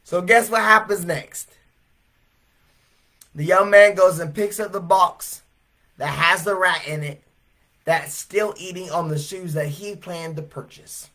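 Brief: male evangelist, high voice, revival sermon, animated, builds to shouts. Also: a little slow, pauses often. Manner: animated storytelling, swelling to shouts.

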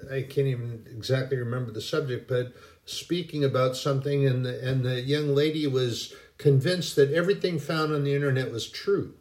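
Regular-pitched guy doing a laid back christian talk, rambly, lots of ums and restarts. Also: a little mellow. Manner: folksy, rambling, with many pauses and restarts. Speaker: Christian speaker. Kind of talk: casual devotional talk.

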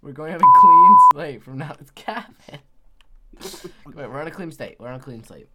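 A man's voice: on the high side, huge pitch swings, normal speed, narrow, tinny audio. A young man co-hosting a podcast in casual chat, teasing and dismissive. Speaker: podcast co-host.

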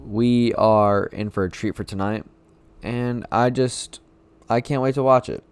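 A man rambles through casual solo sports talk as a frustrated fan, circling back and repeating his points. His voice is smooth and clear, recorded dry and close with no room around it. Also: mid-range voice, steady tone, measured pace, no echo.

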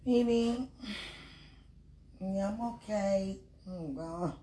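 A woman's voice: fairly low pitch, a little slow, darkish tone, slight background noise. A woman talking casually and praying aloud, repeating phrases and laughing often. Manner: chatty, repeats phrases, laughs often, mixes talk with prayer. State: heartburn, hungry. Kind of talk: casual spoken monologue and prayer.

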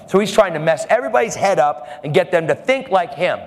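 A man's voice: high voice, animated, quick pace. A man preaching a sermon, telling a testimony story in a fervent, emphatic way. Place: church service hall. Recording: reverberant hall.

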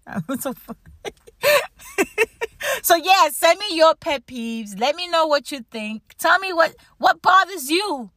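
A woman hosting a podcast, chatting casually and ranting with animated energy about everyday annoyances, often laughing at herself. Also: extremely high pitch, slow, no echo, studio quality. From United States. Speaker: podcast host. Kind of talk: casual chat.

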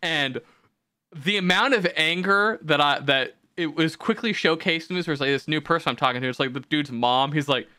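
A man's voice: fairly high pitch, fairly quick, no room sound, studio quality. A man hosting a podcast, telling stories in casual, profane chat. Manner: profane, animated storytelling. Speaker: podcast host.

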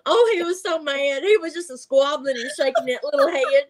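A woman's voice: sits high, fairly quick. A middle-aged woman, telling stories in casual chat, laughing often and acting out voices. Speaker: guest telling encounter stories.

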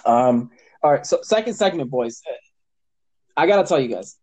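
A man, a regular of the show, telling a lively story in casual podcast chat. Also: mid-range voice, normal speed, no room sound, low-quality recording. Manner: animated storyteller.

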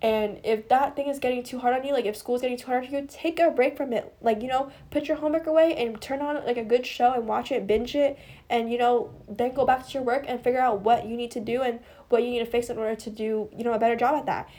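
A woman's voice: on the high side, steady tone, fast talker, warm tone. A young woman, hosting a podcast and giving casual, rambling advice to listeners she calls guys, full of "like" and "you know". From US East Coast. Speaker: podcast host.

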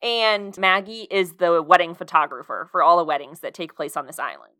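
A woman co-hosting a casual podcast, retelling a film's story step by step. Her voice is low, bright and smooth. She often chimes in to agree with the others. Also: brisk. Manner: storytelling recap, frequent agreeing "yes". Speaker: podcast co-host. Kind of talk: casual chat recapping a movie plot.

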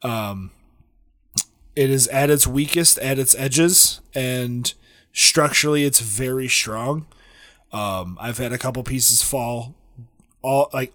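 A man's voice: mid-range voice, a bit bright, no echo, clean studio sound. Rambling, jokey man in casual chat. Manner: rambling, jokey, many fillers and restarts.

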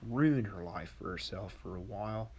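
A man's voice: lowish voice, moderate pace, darkish tone, slight background noise. A man hosting a podcast in a rambling, profane monologue, laughing to himself. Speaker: podcast host.

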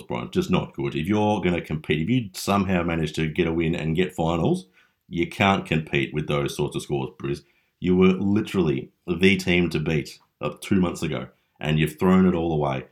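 A young Australian man hosting a casual fantasy league recap, chatty and teasing with mock-dramatic flair. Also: very deep voice. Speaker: fantasy league podcast host.

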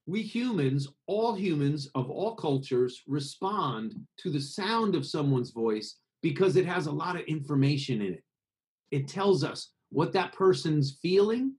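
Expressive American man teaching about voice. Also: on the high side. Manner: expressive, acts out voices to make points. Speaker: singing teacher being interviewed. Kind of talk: conversational interview over a call.

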